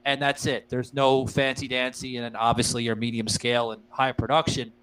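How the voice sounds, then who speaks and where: A man's voice: medium pitch, little pitch movement, fairly quick, fairly bright tone, clean tone, low-quality recording. A man hosting a podcast in loose, profane casual chat, talking straight to his listeners with plenty of fillers. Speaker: podcast host.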